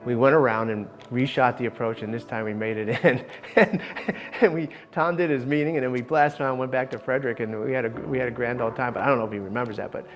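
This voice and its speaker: A man's voice: mid-range voice, steady tone, fast. A man, a fellow pilot, vividly recalling a cloudy approach in a casual interview.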